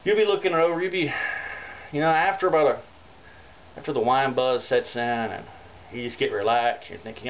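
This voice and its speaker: A folk artist, rambling through a comic monologue full of "you know.". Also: male voice, mid-range voice, a little fast. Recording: muffled home recording with faint hiss.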